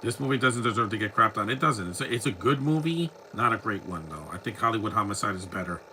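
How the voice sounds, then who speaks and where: A man's voice: fairly low pitch, lively intonation, quick pace, sharp tone, slight background noise, poor audio. A man from the United States, hosting a casual live movie commentary, rambling and opinionated with many restarts.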